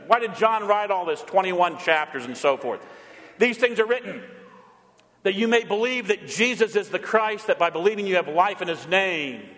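A male pastor preaching a sermon, emphatic, moving between loud proclamation and quiet asides. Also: sits high, big-room sound.

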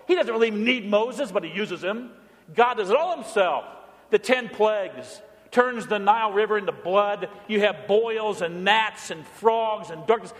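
A man preaching a sermon in a church, stressing quotations slowly and dropping to a low murmur between them. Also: fairly bright tone. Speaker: pastor. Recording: long hall reverb.

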